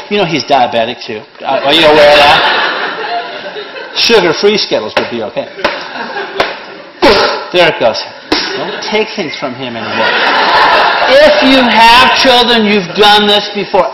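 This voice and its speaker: A middle-aged man teaching a CPR class with blunt, sarcastic jokes between his instructions. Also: a little high. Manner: sarcastic, blunt, joking, lively. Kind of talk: classroom lesson with joking asides. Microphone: handheld or worn microphone. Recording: echoey room, faint noise.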